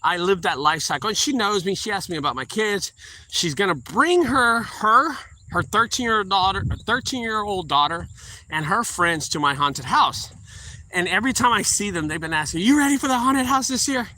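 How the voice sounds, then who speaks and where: A middle-aged man talks casually about his business, circling back and repeating himself, now and then slipping into quick replays of chats with customers. His voice sits fairly high for a man. A steady, plainly audible noise runs under the recording. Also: low-quality recording. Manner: rambling and repetitive, acting out short quoted exchanges. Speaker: junk removal business owner giving advice. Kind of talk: casual advice monologue.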